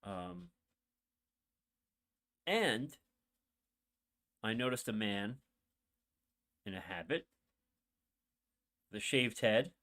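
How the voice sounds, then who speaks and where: Young male podcast host with a lowish voice, telling his own story in a rambling, confessional way while fighting back tears. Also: big pitch swings, very slow, pauses often, a bit bright. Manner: rambling and candid, with many fillers and asides. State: emotional, holding back tears. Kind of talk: personal storytelling monologue.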